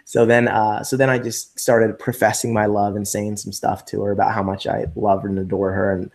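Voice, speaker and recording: Animated storytelling man, many fillers. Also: fairly low pitch, normal speed, creaky. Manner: animated, acts out quoted voices, many fillers. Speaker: interview guest. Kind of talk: casual storytelling.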